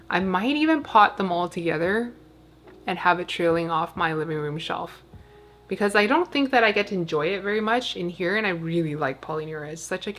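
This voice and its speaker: A woman with a slightly low voice talks casually while she works through her plant cabinet at home. She rambles and fills her sentences with "like". Her tone stays easygoing and chatty. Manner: chatty and rambling, full of "like" fillers. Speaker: plant vlogger.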